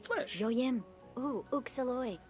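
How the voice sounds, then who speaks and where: A woman's voice: high voice, slow pace, faint music behind. A woman voicing life-sim game characters who murmur in made-up gibberish.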